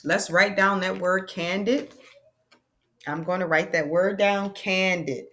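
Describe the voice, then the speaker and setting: A woman teacher giving a lesson to young learners, patient and encouraging, calling them friends and slowing down to spell out sounds. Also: medium pitch, fairly even intonation, a bit bright.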